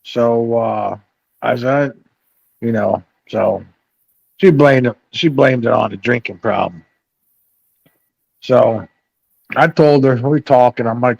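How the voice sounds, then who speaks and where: Gravelly-voiced, foul-mouthed middle-aged man. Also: mid-range voice, slow, pauses often, dry recording, muffled recording. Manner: profane, rambling, animated storyteller. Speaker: panelist. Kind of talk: casual storytelling on a live chat.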